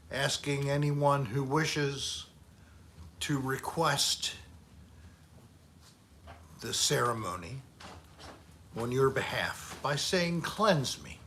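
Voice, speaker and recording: A man's voice: medium pitch, a bit bright, slight background noise. A man hosting a casual livestream chat, joking and trying bad accents when asked. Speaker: host.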